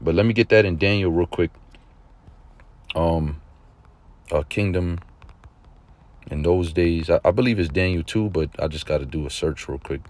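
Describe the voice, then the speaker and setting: A man teaching an informal religious lesson in a conversational preaching manner, often checking in with his listeners and growing excited at points. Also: sits low, normal speed, long pauses. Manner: grows excited and emphatic at points.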